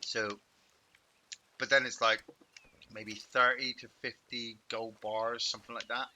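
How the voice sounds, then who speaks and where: A man hosting a game stream, giving excitable, shouty commentary with playful trash talk. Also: medium pitch, a little slow. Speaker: gaming host. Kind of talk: live gameplay commentary.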